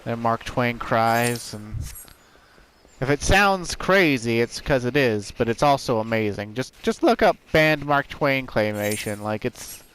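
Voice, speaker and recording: A man's voice: medium pitch, animated, unhurried, fairly bright tone, clean tone. A man giving casual, rambling commentary while playing a video game, telling a story with many fillers and restarts. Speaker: let's play host. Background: game music.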